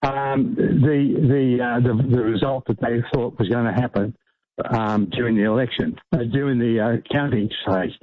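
A man's voice: mid-range voice, steady tone. Hesitant man calling in by phone. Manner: halting, searching for words. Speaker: radio caller. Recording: tinny phone line.

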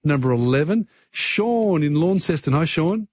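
Chatty Australian radio quiz host. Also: male voice, a little high, animated, unhurried, a little mellow, husky, no room sound, muffled recording. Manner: chatty, easygoing, filler-heavy.

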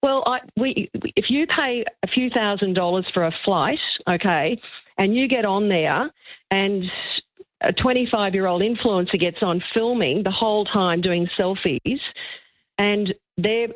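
A woman calling in to a radio show, indignant and halting as she complains. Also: medium pitch, no echo. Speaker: caller. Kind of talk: phone-in complaint. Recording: phone line.

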